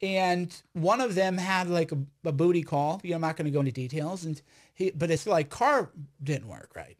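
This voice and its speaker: Loud, high-voiced man telling stories. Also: moderate pace. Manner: loud, rambling and emphatic, with many restarts. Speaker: online commentator. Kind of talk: casual storytelling monologue.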